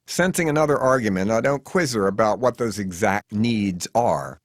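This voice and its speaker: A man narrating his own memoir as an audiobook in an animated, comic storytelling manner. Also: fairly low pitch, normal speed, few pauses, no echo, studio quality.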